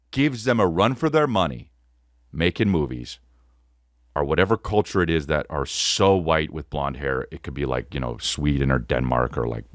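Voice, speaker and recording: A man hosting a podcast, telling a comedic story in an animated, profane way, close to the mic. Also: a bass voice, no echo. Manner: animated, profane, peppered with "dude". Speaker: podcast host.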